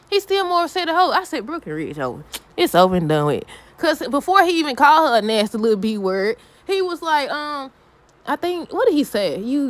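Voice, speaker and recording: A woman recapping a soap episode for viewers in a chatty, animated way, often laughing and quoting characters. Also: fairly high pitch. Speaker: soap opera reviewer. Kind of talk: casual recap talk to viewers.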